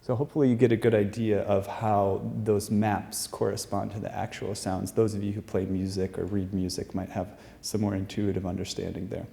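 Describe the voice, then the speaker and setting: A man's voice: fairly low pitch, flat delivery, a little fast, creaky, few pauses, warm tone. A man presenting his research to a live audience, explaining patiently with frequent fillers and restarts. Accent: American. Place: performing arts center stage.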